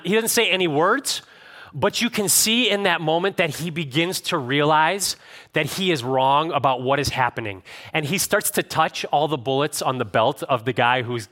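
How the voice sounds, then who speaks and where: Bright-voiced male pastor telling a story. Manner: animated storytelling with wide swings in pitch and loudness. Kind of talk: sermon. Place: church room with a live congregation.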